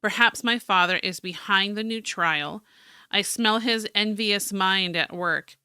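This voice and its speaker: A woman's voice: mid-range voice, a little slow, pushed and bright, smooth, no echo, studio quality. A woman voicing a stiff, proud male cartographer, reading his journal aloud in a formal, slightly fancy manner with small stumbles. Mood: gloomy.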